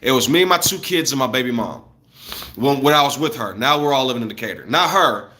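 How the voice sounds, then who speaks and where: Animated bright-voiced man telling stories. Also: mid-range voice, a little fast. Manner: animated, loose and profane, talking straight to viewers. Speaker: livestreamer. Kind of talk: casual storytelling on a livestream. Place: at home.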